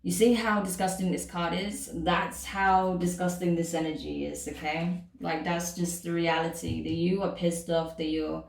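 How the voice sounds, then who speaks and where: A woman's voice: fairly low pitch, fairly even intonation, moderate pace, creaky, few pauses, distant mic. A woman giving a casual tarot reading, chatting to the listener and often checking in with "okay?" and "right?". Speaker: tarot reader. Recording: echoey room, voice off-mic.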